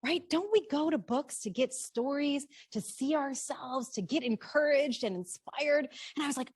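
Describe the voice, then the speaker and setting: A woman author giving a library talk, telling her story with lively animation and questions to the audience. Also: high voice, moderate pace, hardly any pauses, slightly rough. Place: library program room.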